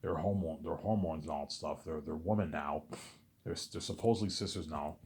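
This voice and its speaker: A man's voice: very deep voice, brisk, a little mellow, a little hiss or hum. A man vlogger ranting in a casual monologue, repeating himself and swearing freely. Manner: repetitive, profane ranting.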